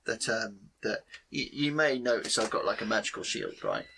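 Man, tabletop player, gravelly, hesitant, background noise. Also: fairly low pitch, wildly swooping pitch. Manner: hesitant, halting in-character speech. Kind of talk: tabletop role-play chat.

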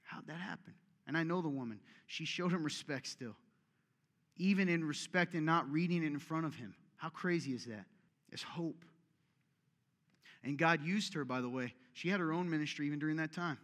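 A man preaching a sermon as pastor, with an emphatic, conversational delivery and big swings from loud to quiet. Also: on the high side, normal speed, big-room sound.

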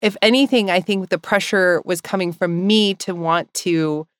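A woman's voice: on the low side, moderate pace, no echo. A woman co-hosting a podcast in casual, heartfelt chat, rambling and emotional, laughing often and tearful. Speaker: podcast co-host.

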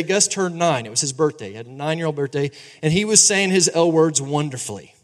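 A fairly high-voiced man in his thirties preaches to his congregation in a church sanctuary, his words ringing through a long hall reverb. He is animated and conversational, often checking that the listeners agree with him. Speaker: pastor. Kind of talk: sermon.

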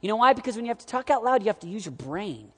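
Male preacher, sermon, fairly high voice, animated and joking, loud urging and soft asides, long hall reverb. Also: fast talker, breathy edge. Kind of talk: sermon to young adults.

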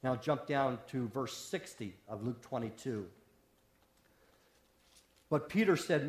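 A male pastor delivers a sermon with fervent intensity, dropping suddenly to a quiet hush for weight. His voice sits at a middling pitch. The sound carries a roomy echo, as from a church sanctuary. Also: expressive, slow pace, long pauses. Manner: impassioned preaching with sudden drops to a hush.

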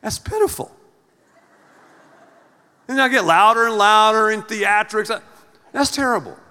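Middle-aged guy preaching, acts stuff out, kinda high voice, big hall echo. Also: measured pace, clean tone. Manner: animated, theatrical, acts out scenes with big swings in loudness. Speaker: pastor. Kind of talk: sermon. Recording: long reverb of a large hall.

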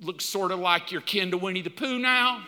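A man in his fifties preaching a sermon, telling stories with animated, mock-outraged outbursts. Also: high voice, normal speed, big-room sound, a little hiss or hum. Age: 50s. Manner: animated storytelling, jumps up loud in mock outrage. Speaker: pastor.

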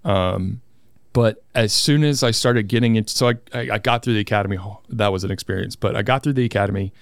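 A man's voice: fairly low pitch, quick pace, clean tone, no echo, clean studio sound. A man in his thirties talking casually as a podcast guest, chatty and a little nervous, poking fun at himself. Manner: nervous, chatty, self-deprecating. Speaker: guest, squadron commander.

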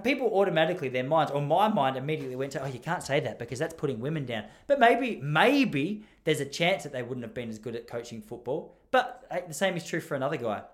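A young man hosting a comedy podcast, telling stories in an animated way, laughing often and slipping into quoted voices. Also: a little high. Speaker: podcast host and school teacher. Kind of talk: comedic storytelling monologue.

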